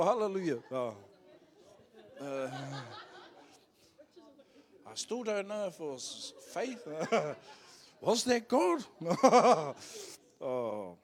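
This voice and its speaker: A man with a New Zealand accent, a pastor preaching a live church sermon, telling a personal story in a jokey, playful way and getting the congregation to call out phrases. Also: medium pitch. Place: church service.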